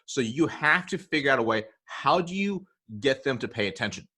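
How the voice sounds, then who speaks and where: A man's voice: mid-range voice, lively intonation, normal speed, sharp tone. A man explaining a sales technique in an interview, checking in often with "okay?" and "right?". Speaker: sales coach guest.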